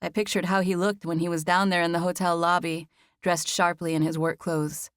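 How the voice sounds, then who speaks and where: A woman narrating a romance novel in the first person, in an even, intimate storytelling manner. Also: fairly low pitch, a little fast, no echo, studio quality. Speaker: audiobook narrator.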